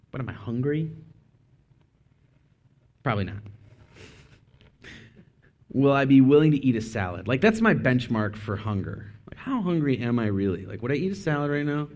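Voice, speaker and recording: Male preacher, casual talky sermon style, mid-pitched, asides, corrects himself. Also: a little mellow. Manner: conversational, with asides and self-corrections. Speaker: speaker.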